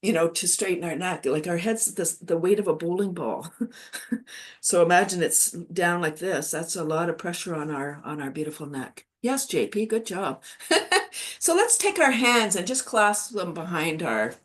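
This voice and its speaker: A woman with a fairly low voice guides a laughter yoga session over a video call. Her delivery is chatty and cheerful, and she breaks into laughter while she explains the exercises. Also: expressive, normal speed, hardly any pauses.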